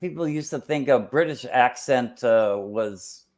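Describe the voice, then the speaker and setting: A man speaks haltingly in a casual chat, stopping often to search for words. His phrasing leans formal and a little bookish. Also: mid-range voice, darkish tone. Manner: halting and wordy, many "uh" pauses, formal word choice.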